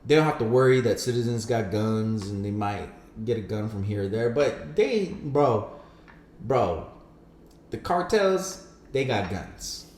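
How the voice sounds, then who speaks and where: A man's voice: lowish voice, animated, unhurried, a little mellow, echoey room, a little hiss or hum. A man co-hosting a podcast in casual, profane, heated rants. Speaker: podcast co-host.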